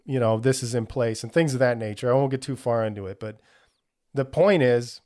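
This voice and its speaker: A man's voice: mid-range voice, brisk, darkish tone. Candid, reflective male podcast host. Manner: candid and reflective, swears freely; thinks aloud with frequent restarts. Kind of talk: casual solo podcast talk.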